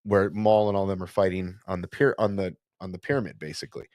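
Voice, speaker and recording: A man with a fairly low voice co-hosts a casual fan chat, rambling and correcting himself as he goes. His voice sounds dry and close, with no room around it. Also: steady tone, quick pace, darkish tone, dry recording. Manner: rambling, self-correcting, playful. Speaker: podcast co-host.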